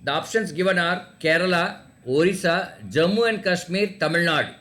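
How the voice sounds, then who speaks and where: Reading questions aloud in an online class quiz, a male teacher repeats each one and spells words letter by letter. His voice sits high and sounds pushed and bright, at a moderate pace.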